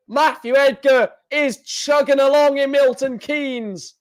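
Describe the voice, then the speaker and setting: An excitable man commentating live on a stream, shouting and repeating himself at big moments. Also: very high voice, slow pace.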